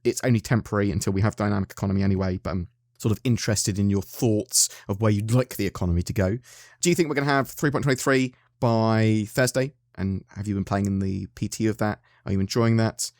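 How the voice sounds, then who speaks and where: A man's voice: on the low side, fast talker, a little mellow, no echo, clean studio sound. An English man hosting a gaming channel, chatting casually and self-deprecatingly to his viewers with frequent restarts. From England. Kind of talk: casual video chat to viewers.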